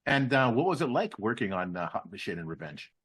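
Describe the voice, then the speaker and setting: Podcast host guy, husky voice, pitch bouncing all over, rambly questions. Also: sing-song, a little fast, fairly bright tone. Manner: rambling questions with many restarts and fillers. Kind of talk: interview questions, casual chat.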